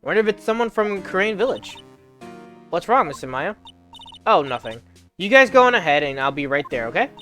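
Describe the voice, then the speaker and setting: A man streams a game playthrough, reading each character's lines aloud in a loose, chatty way. His voice sits a little high, and quiet music plays under him. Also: big pitch swings, a little fast, pauses often. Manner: reads game lines aloud, chatting and laughing with viewers between.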